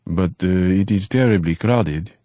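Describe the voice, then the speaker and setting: A man voicing a wary, reserved young Frenchman with a French accent and formal, halting phrasing. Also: sits low, mellow, no room sound.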